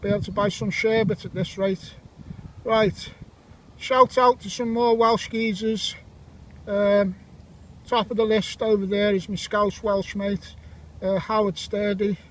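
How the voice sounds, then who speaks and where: This outdoor clip features a chatty forties-aged man, his voice fairly high, sweeping a field with a metal detector while teasing his friends and tossing out shout-outs between finds. The audio is poor, with a little hiss or hum.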